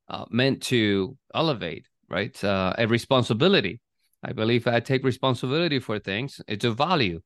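A man chatting as co-host in a measured, reflective way, often checking in with "right?". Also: on the low side, fairly bright tone, clean tone, dry recording, clean studio sound. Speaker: podcast co-host. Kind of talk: casual conversation.

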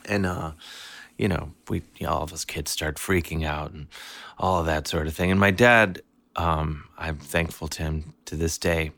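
A man's voice: extremely low pitch, steady tone, moderate pace, vocal fry, fairly bright tone, dry recording. A man in his fifties telling a family story in a meandering, wry, self-interrupting way. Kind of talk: casual storytelling.

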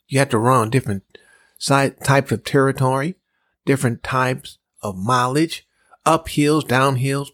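A man hosting a podcast, giving a measured motivational sales lesson and acting out the dialogue of a personal story. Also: medium pitch, no room sound, clean studio sound. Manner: measured, repetitive, acts out dialogue in his story. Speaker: sales trainer and podcast host.

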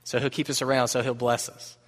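A man preaching a sermon in a relaxed, conversational way, mixing humor and asides into the message. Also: mid-range voice, fairly quick. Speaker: pastor. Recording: long reverb of a large hall.

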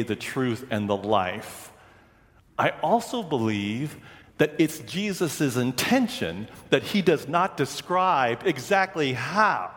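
Guy preaching a sermon in a big echoey church, tells stories and does the voices. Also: medium pitch. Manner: storytelling, acts out quoted voices. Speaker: pastor.

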